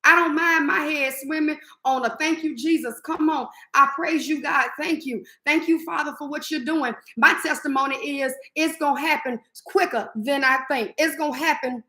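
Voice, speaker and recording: Exuberant high bright woman host. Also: moderate pace, few pauses, echoey room. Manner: exuberant, preachy, sings and affirms. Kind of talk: faith-filled morning live-stream chat.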